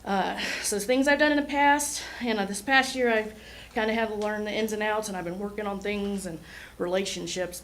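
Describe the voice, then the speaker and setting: An EMS administrator from Oklahoma gives public remarks in a city hall meeting room, her medium-pitched voice earnest and slightly nervous. The audio is poor, with a bit of background noise.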